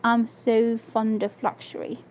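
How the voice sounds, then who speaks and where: A woman's voice: a little high, flat delivery, unhurried, a little hiss or hum, natural voice. A woman reading the part of a discontented young woman who longs for luxury, hesitant and restarting words. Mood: complaining. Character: young woman sighing over her poverty. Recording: dull lo-fi stream audio.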